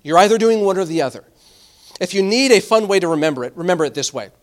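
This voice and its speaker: A pastor with a high-pitched voice preaches in an animated, conversational way, often repeating words. When reading scripture aloud, he deliberately slows down.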